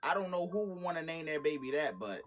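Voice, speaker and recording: A man with a notably high voice rants casually to camera, blunt and indignant, slipping into slangy asides. Faint music plays behind him. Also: animated, fast, a bit bright. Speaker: social media commentator.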